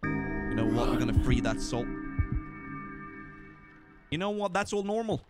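Over loud background music, a young Swedish-accented man speaks unhurriedly at a medium pitch. This gaming YouTuber from Sweden narrates his let's-play playfully, joking around with animation and talking directly to the game.

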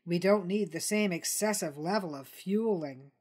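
A woman voicing Dilly, a calm, persistent jungle news creature who presses her points. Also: mid-range voice, normal speed, breathy edge, close to an everyday voice.

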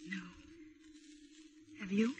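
An actress playing a shy young student in love, speaking softly and earnestly in 1930s radio drama style. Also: female voice, drawn-out words, slight background noise. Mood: tender. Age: young adult. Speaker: college student.

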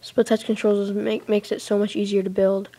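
A woman chatting her way through a building game, rambling and casual, breaking into excited squeals and giggles, recorded in a dark room on a tablet mic. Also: mid-range voice, brisk. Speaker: let's play host. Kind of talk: casual gameplay commentary. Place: dark room, sitting in a big armchair. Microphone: tablet microphone.

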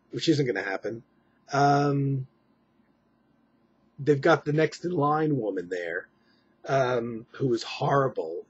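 Weary, husky man rambling late at night. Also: medium pitch, a little mellow, dull audio. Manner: rambling, weary, with many fillers and restarts. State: exhausted. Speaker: vlogger. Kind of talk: late-night personal update. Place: at home at night.

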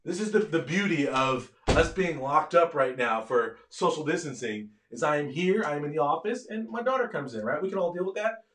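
A man giving a live online lecture from his office at home, energetic and often asking his listeners questions. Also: on the high side, a little fast, echoey room, a little hiss or hum. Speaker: medical education lecturer.

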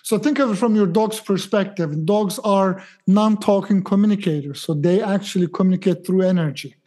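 A dog trainer co-hosting a podcast chat who brings behavior to life by acting out examples and quoting what people and dogs think. The voice is mellow and sits at a middle pitch. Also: moderate pace. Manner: explains with acted-out examples and quoted thoughts.

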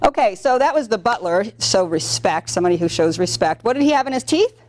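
A middle-aged woman leading a sales training workshop, telling stories in an animated way and acting out the quotes. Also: medium pitch, fairly quick. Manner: animated storytelling with acted-out quotes. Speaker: workshop instructor.

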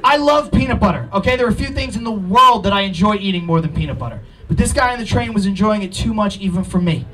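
A man's voice: high-pitched, lively intonation, quick pace, few pauses, a bit bright, slight background noise. A man from Brooklyn with a New York accent doing a brash, profane stand-up comedy set on a club stage. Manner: brash, profane, ranting delivery. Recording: distant mic, crowd laughter in the room. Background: audience laughter.

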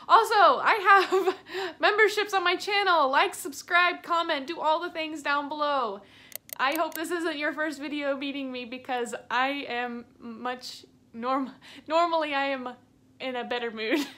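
A woman's voice: sits high, pushed and bright. A young woman plant vlogger talking casually and ranting in exasperation, with bursts of laughter. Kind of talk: casual vlog.

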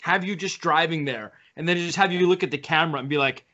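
A man hosting a casual business podcast who talks playfully and pitches joke ideas. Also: quick pace, sharp tone, muffled recording. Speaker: podcast host.

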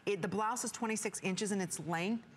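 A woman's voice: normal speed, slight background noise. Upbeat woman hosting TV shopping. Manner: upbeat, pitching products. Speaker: shopping channel host. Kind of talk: live TV selling.

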